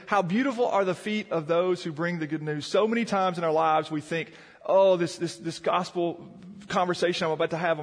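An earnest pastor preaches in a fairly high, slightly husky voice, repeating words as he presses his point. His voice rings with the long reverb of a church sanctuary. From Virginia mountains. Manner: earnest, repeats words when building emphasis. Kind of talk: sermon.

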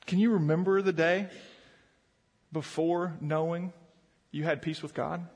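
A man's voice: on the high side, steady tone, measured pace, darkish tone, breathy edge, in a large hall. A man preaching a sermon as pastor, earnest and often repeating words as he builds emphasis. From Virginia mountains.

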